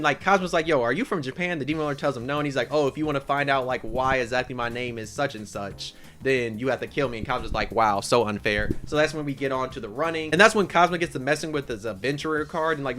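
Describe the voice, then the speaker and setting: A man casually recapping a story as an anime channel host, excitable and profane, with lots of "like" fillers. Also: on the high side. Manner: excitable, profane, heavy use of "like".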